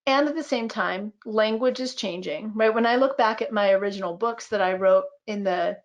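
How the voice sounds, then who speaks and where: A woman's voice: medium pitch, normal speed, dull audio. Reflective woman in her fifties, storyteller. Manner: reflective storytelling with frequent fillers. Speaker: guest physician and midwife. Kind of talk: webinar conversation.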